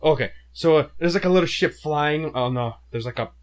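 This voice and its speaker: A man's voice: a little high, fairly quick. A man co-hosting a casual movie review, retelling the plot with mouth sound effects and stumbling restarts. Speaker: co-host of a movie review show.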